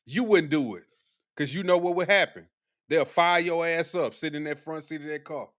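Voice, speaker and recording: A man's voice: a little high, normal speed, fairly bright tone. A young man doing live-stream commentary, talking bluntly and combatively to his chat with heavy slang. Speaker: livestream commentator.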